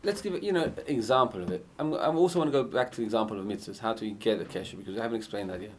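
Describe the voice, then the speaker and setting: A man leads a casual Torah class on prayer, his delivery lively and full of rises and falls in pitch. He keeps checking in with his listeners and drops to near-whispers before jumping back up to loud, chanted lines. A faint background noise sits under the recording. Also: rapid-fire. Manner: conversational, asks listeners questions often. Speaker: Torah teacher.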